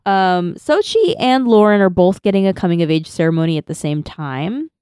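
Woman recapping anime on a podcast, chatty, giggly, smooth voice, dry sound. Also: fairly low pitch, lively intonation, moderate pace, warm tone, no room sound. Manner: chatty, laughing, reads out her notes. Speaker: podcast co-host. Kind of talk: casual chat recapping an anime.

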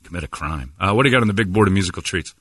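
A man's voice: deep voice, racing, no echo. A man hosting a morning radio show, telling stories in casual banter and slipping into mock accents. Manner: animated storyteller, slips into mock accents.

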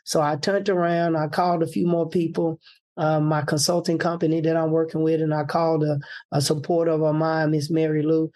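A man's voice: a little high, a little fast. A man, a political candidate, telling a personal story and acting out what people said. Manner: animated, acts out quoted speech.

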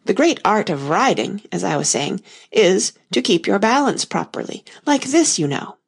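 A woman voicing a gentle, bumbling old male knight who rambles on earnestly and solemnly about his inventions, in an audiobook reading. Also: medium pitch, sing-song, moderate pace, gravelly, slightly rough, exaggerated voice.

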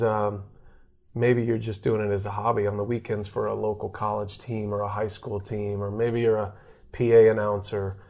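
A man from Texas who works as a sportscaster, telling stories in a podcast interview and acting out the voices of people he quotes. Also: on the low side. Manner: animated, acts out quoted voices. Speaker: guest sportscaster. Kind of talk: casual storytelling interview.

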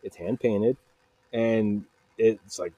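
A man's voice: fairly low pitch, steady tone, takes it slowly, warm tone, no room sound, dull audio. A man hosting a solo podcast, rambling and joking about himself in a casual monologue. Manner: digressive, self-mocking, quotes people in put-on voices. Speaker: podcast host. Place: makeshift home vocal booth.

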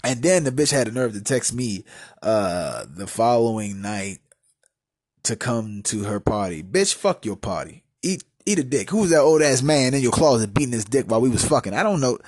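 Dude from dc rambling thru a crude story on his podcast, cussing a lot, dry close sound, middle pitch. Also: lively intonation, moderate pace, dry recording. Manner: profane, rambling, swings from mumbling to loud outbursts. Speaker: podcast host. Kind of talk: casual storytelling podcast monologue.

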